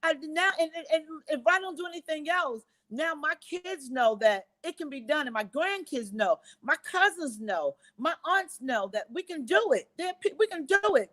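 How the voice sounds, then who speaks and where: A woman in her fifties speaks with a notably high voice as a guest on a live-stream interview. She is effusive and emotional, and she circles back to repeat phrases for emphasis. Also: lively intonation, normal speed, few pauses, a bit bright. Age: 50s. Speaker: guest business owner.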